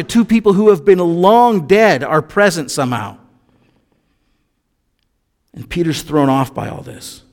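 Male pastor, conversational sermon delivery with a slightly high voice, recorded in a reverberant hall. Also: a little mellow. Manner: conversational, reads scripture then explains it with asides.

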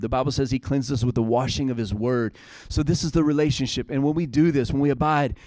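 An earnest male pastor in his thirties delivers a sermon in a casual, conversational way that swells into fervent, higher-pitched appeals. His voice sits at an ordinary pitch. The sound is close and dry, with no room echo. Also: brisk, hardly any pauses, darkish tone.

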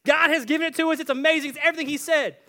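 Guy doing a pumped-up young spy, way high and yelling, bright and sharp. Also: racing, full character voice. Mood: rallying. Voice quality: loud, high and animated.

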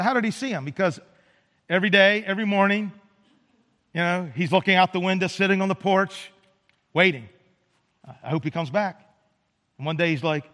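A man's voice: high-pitched, a bit bright, long reverb tail. A male pastor preaching a sermon in a casual, conversational way, often repeating words and asking "right?". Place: church sanctuary.

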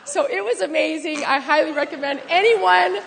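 A woman excitedly telling a testimony story in church, laughing and shouting at times. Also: high voice, moderate pace, vocal fry, a faint crowd, a little hiss or hum. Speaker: church member sharing a testimony. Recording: long hall reverb.

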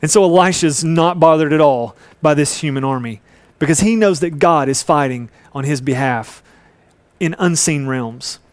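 A man's voice: on the high side, normal speed, dry recording. A man preaching a sermon, earnest and storytelling, acting out voices in a Bible story. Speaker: pastor.

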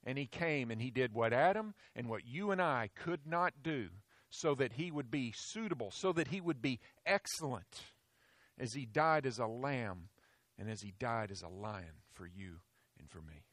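A man preaching a sermon in an emphatic way, swinging from loud declarations to hushed, low phrases. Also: lively intonation, normal speed, dry recording.

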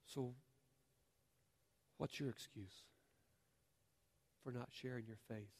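A man's voice: mid-range voice, steady tone, takes it slowly, a little mellow. A man preaching a sermon as a pastor, earnest and rising to fervent appeals to the congregation. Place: church sanctuary.

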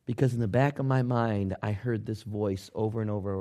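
A man, a pastor, telling a personal story in a sermon, conversational but swinging from hushed asides to loud outbursts. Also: fairly low pitch, steady tone, brisk, hardly any pauses. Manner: conversational with fillers.

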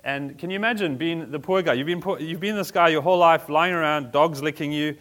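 A man's voice: fairly high pitch, fairly quick, fairly bright tone. A man, a pastor, giving a sermon in a casual, conversational way with everyday slang.

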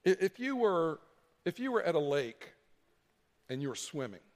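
High-voiced preaching man in a hall. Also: big pitch swings, moderate pace. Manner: preaching with emphatic repetition and acted-out quotes. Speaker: pastor. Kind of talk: sermon.

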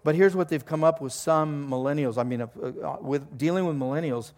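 A man's voice: fairly high pitch, brisk, a little mellow, long reverb tail. An older man preaching a sermon as a pastor, in a conversational, joking storytelling manner before a live congregation.

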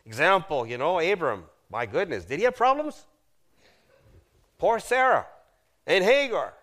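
A male pastor preaching a sermon, retelling a story with drama, asking the audience questions and dropping to a hushed voice at grave moments. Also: high-pitched, big pitch swings, measured pace. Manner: dramatic, acts out the figures in quoted lines, asks the audience questions.

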